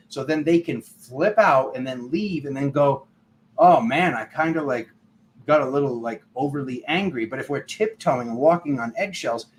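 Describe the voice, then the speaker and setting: A man's voice: fairly high pitch, a little hiss or hum, low-quality recording. A man giving a tarot reading in a rambling, casual monologue full of fillers, sometimes acting out other people's voices. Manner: rambling, filler-heavy, acts out quoted voices. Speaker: tarot reader.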